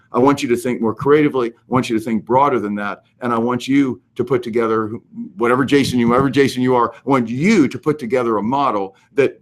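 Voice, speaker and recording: Animated man hosting a live real estate Q&A. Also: medium pitch. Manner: animated, emphatic, goes overboard. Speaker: host answering real estate questions. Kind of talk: live Q&A, casual advice.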